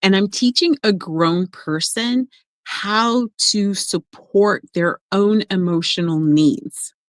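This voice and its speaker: An emotional coach speaks in a relaxed podcast conversation, telling stories as an animated storyteller who acts out the voices she quotes with liveliness. Her voice is medium-pitched and slow, with no echo.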